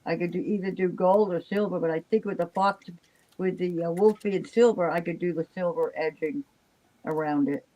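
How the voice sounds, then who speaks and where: A woman's voice: fairly low pitch, fairly even intonation, moderate pace, dark tone, low-quality recording. Tired, chatty older woman. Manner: rambling, chatty, trails off with fillers. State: exhausted. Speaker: live stream chat participant. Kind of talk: casual chat.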